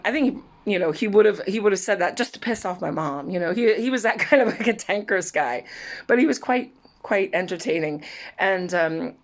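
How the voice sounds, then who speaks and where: A middle-aged woman from Saint Louis chatting casually in her vlog, rambling and often laughing. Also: lowish voice. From Saint Louis, USA. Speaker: vlogger. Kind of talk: casual chat.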